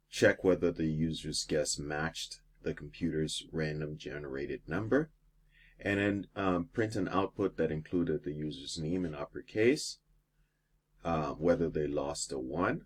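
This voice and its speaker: A man's voice: extremely low pitch, slightly rough. A man teacher walking through a coding exercise step by step, with some fillers, as he types. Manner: steady step-by-step explaining with fillers. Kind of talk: screen-recorded coding lesson.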